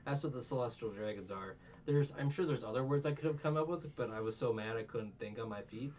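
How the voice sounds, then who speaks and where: A man's voice: mid-range voice, quick pace, darkish tone. Young man rambling through an anime recap. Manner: rambling, swearing, retelling scenes. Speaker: podcast host. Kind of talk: casual anime review chat. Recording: distant muffled mic, faint hum.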